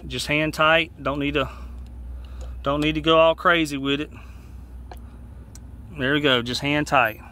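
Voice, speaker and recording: A man from Georgia with a Southern accent, a fishing guide giving a casual step-by-step how-to demonstration outdoors, folksy and relaxed, often restarting his phrases. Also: a little high, measured pace, long pauses. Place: outdoors beside a boat. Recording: faint outdoor noise.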